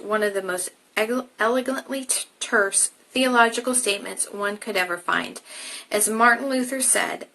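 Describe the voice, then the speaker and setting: Brief: young woman, bright and clear voice, relaxed teacher reading and explaining a text. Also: mid-range voice, low-quality recording. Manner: explains casually, then reads passages aloud with restarts. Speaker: Bible teacher. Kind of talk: live-streamed Bible study.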